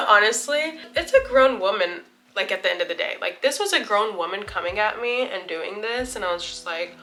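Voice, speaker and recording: Bright-voiced chatty woman telling a story. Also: mid-range voice, normal speed. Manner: chatty, lots of "like", animated retelling. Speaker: beauty vlogger. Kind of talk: casual storytime while doing makeup.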